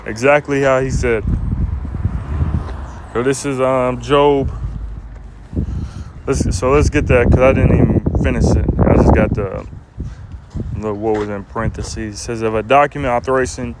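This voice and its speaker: Man, informal street preacher, casual halting delivery, reads scripture, medium pitch, loud wind and traffic behind. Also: steady tone. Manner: casual, repeats "man" at line ends, halting fillers.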